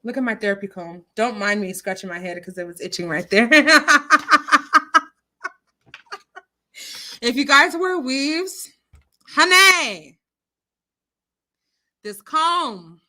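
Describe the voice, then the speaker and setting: A woman's voice: mid-range voice, lively intonation, a little fast, sharp tone. A woman hosting a casual livestream, reading viewer comments aloud and reacting to them in an outspoken, indignant way. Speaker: livestream host reading chat. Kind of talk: casual live chat. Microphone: computer mic on a streaming call.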